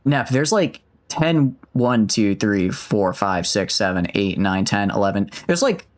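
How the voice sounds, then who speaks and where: A man's voice: lowish voice, lively intonation, a little slow. A man in his twenties chatting casually with viewers while streaming a game, rambling and joking at himself. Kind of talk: casual gaming stream chat.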